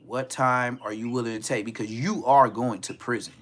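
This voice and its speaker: A man's voice: mid-range voice, steady tone, normal speed, natural voice. A man putting on the voice of a blunt, brash, middle-aged male defense lawyer who swears freely.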